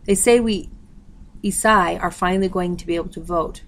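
A woman's voice: fairly low pitch, normal speed, a bit bright. A woman reading aloud, voicing a bitter older grandfather in a storybook. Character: older immigrant man, bitter and gloomy.

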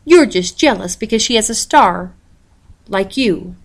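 A woman voicing a sharp, jealous stepmother. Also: medium pitch, lively intonation, normal speed, close to an everyday voice. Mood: scolding.

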